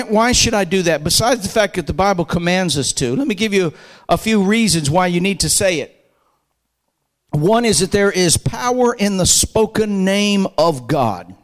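A man preaching a fervent sermon, building to shouted emphasis and leading the congregation in call-and-response. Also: high voice, low-quality recording. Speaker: pastor.

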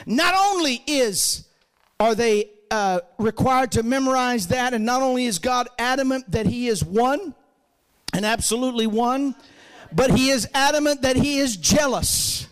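A male pastor with a notably high voice delivers a sermon. He quotes scripture at length, climbing to shouted emphasis and then dropping to low, quiet lines.

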